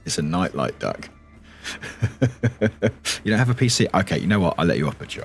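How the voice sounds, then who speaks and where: A British man streaming late at night with a deep, quiet morning voice, rambling and giggling as he answers his chat. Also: very animated, normal speed, soft background music.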